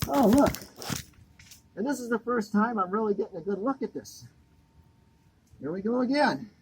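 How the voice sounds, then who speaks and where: A man's voice: high-pitched, animated, normal speed, slight background noise, low-quality recording. A man ranting with sarcasm and anger while crawling under a home to point out a botched installation. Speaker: homeowner inspecting a botched install. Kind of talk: annoyed walkthrough vlog.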